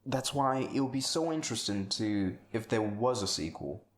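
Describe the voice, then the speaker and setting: A man's voice: fairly low pitch, lively intonation, moderate pace. Rambling man podcaster in a roomy space. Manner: rambling, exclamatory, swears casually. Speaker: podcast co-host. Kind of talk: casual film discussion. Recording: roomy echo.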